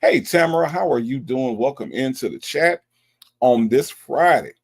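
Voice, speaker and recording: Gravelly-voiced man hosting a live stream. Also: medium pitch, normal speed. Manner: animated, teasing, mocks chat with exaggerated voices. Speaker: livestream host. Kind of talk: casual live-stream chat commentary.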